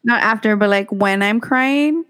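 A woman's voice: mid-range voice, measured pace, over a noisy crowd. Giggly, gushing young woman. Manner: gushing, giggly, mixes in Spanish. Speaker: podcast co-host. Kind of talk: casual chat.

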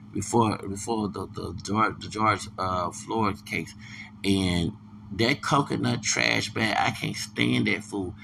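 A man's voice: fairly low pitch, gravelly, noisy background. A man hosting a podcast, delivering a heated, angry monologue rant and repeating himself as he vents. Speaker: podcast host.

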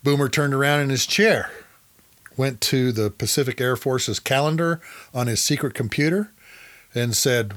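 A man's voice: mid-range voice, normal speed, fairly bright tone. A middle-aged man hosting a podcast, telling a first-person story from his flying career and acting out the dialogue along the way. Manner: acts out dialogue in his anecdotes. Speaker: podcast host, former fighter pilot.

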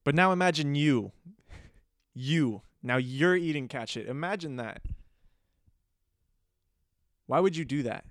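A young man hosts a casual podcast monologue, rambling through a story with deadpan, playfully disgusted asides. His voice is smooth and resonant, recorded close and dry. His pitch sits in an ordinary middle range. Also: no echo. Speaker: podcast host.

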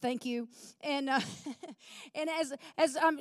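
A woman's voice: high voice, steady tone, slow, long pauses, studio quality. A woman pastor in her forties preaching in a church, praying fervently and telling a personal story earnestly. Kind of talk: sermon with prayer and personal story. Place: church sanctuary. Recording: long reverb of a large hall.

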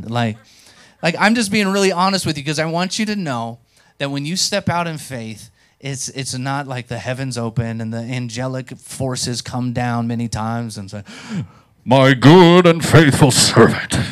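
A young man preaching a sermon as pastor, telling a personal story and acting out dialogue, swinging from quiet asides to loud bursts. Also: medium pitch. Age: young adult.

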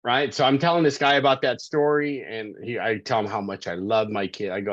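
A man's voice: mid-range voice, fairly even intonation, brisk, a bit bright, no room sound. A middle-aged man, a sobriety coach, telling his life story casually in an interview and often checking in with "right?". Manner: conversational, keeps asking "right?". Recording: dry, dull lo-fi call audio.

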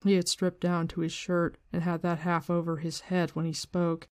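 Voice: medium pitch, level tone, normal speed, smooth, no room sound, studio quality. A book-discussion host retelling a story in a loose, slangy way with some swearing, switching into reading passages aloud.

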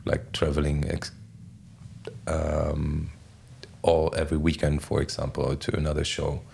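A man with a very low, gravelly voice and a husky edge speaks as a guest in a casual chat. He rambles in an easygoing way, leaning on filler words as he thinks aloud. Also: a little slow. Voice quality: deep gravelly voice. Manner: relaxed and rambling, many "like" fillers. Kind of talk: casual conversation.

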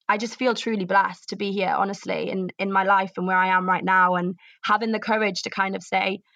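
A young Welsh actress being interviewed, talking earnestly and openly, repeating herself for emphasis. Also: female voice, medium pitch, fairly bright tone, dry recording. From Wales. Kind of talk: candid interview.

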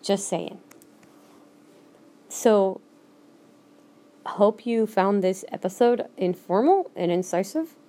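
She takes it slowly, with long pauses, in an expressive, mellow, mid-range voice. A podcast host from Minnesota, she rants solo in a blunt, emphatic manner, returning to her points again and again.

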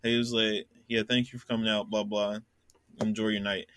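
Young man, casual storytelling, bright forceful voice, dry close sound, laughs a lot. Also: fairly low pitch, little pitch movement, normal speed, no echo. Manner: laughs a lot, acts out voices in his anecdote.

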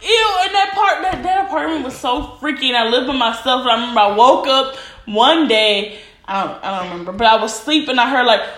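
A woman in her twenties with a high voice tells a long, rambling story in casual slang. She giggles often as she talks, and the room sounds echoey. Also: brisk, a bit bright. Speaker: podcast co-host. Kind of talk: casual chat.

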